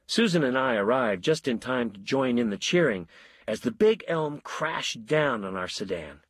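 A man narrating a story in a wry, measured way. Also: medium pitch, animated, husky, no echo. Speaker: audiobook narrator. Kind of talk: scripted narration.

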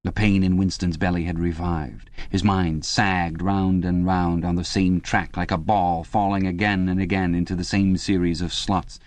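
A man giving scripted audiobook narration in an even, measured reading. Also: sits low, no echo.

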